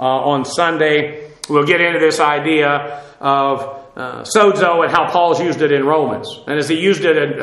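A man teaching a verse-by-verse Bible study, parsing Greek grammar with frequent pauses and "uh" as he explains. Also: on the high side, a bit bright, roomy sound. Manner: explanatory, stops often with "uh" to parse grammar.

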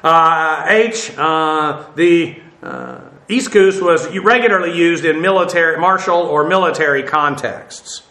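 A man with a bright, slightly high voice gives a classroom lecture. He thinks aloud, uses plenty of fillers and corrects himself as he goes. The room around him is echoey. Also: measured pace, few pauses. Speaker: Bible teacher.

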